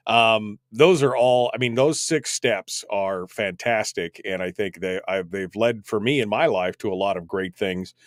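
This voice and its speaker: Casual low-voiced radio host. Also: male voice, no room sound, studio quality. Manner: casual, halting, with many fillers and restarts. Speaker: radio talk show host. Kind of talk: radio talk show conversation.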